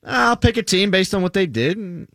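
A man hosting a sports radio show, bantering in an animated, sarcastic way. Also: high-pitched, normal speed, dry recording, studio quality.

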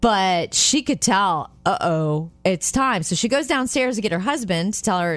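A female radio co-host who chats brightly and laughs easily between stories. Her voice is dry and close to the mic. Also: mid-range voice, lively intonation, no echo. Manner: bright, chatty, quick to laugh. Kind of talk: casual radio chat and story reading.

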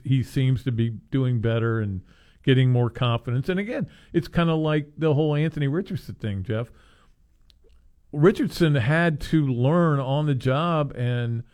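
A man's voice: medium pitch, darkish tone. A man co-hosting a sports talk show, rambling casually and chuckling as he interrupts himself. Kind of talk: casual sports radio chat.

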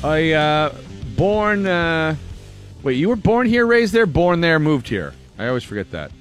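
A man's voice: a little high, big pitch swings, a little slow, faint music behind. A man hosting a radio talk show, chatting easily with his guests and reading out plugs. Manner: conversational, reads plugs. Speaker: radio host. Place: radio studio.

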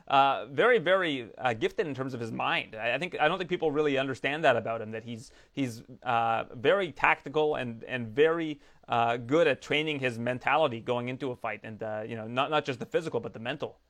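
A man's voice: mid-range voice, a little fast, few pauses, fairly bright tone. A man interviewing a fighter, friendly and chatty. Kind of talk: interview questions.

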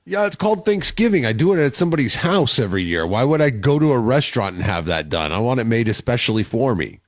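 A man's voice: medium pitch, very animated, fast, no room sound, studio quality. A man in casual banter as a co-host, blunt and grumbling, often repeating himself.

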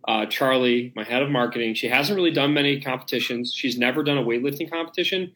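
Man, mid-pitched voice, playful co-host, animated anecdotes. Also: quick pace. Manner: joking, animated storyteller. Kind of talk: casual chat.

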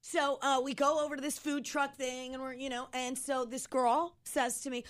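A woman from Ohio chatting on a radio talk show, her voice a little high. She tells stories with energy and acts out what each person said. It sounds like a relaxed conversation between co-hosts. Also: normal speed, few pauses. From Ohio, USA. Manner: animated, acts out quoted dialogue. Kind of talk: casual storytelling chat.

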